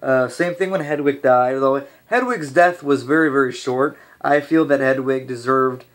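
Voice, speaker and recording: Young guy ranting thru a movie review, kinda hoarse, lots of restarts. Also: mid-range voice, moderate pace. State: slightly hoarse. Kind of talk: casual video review.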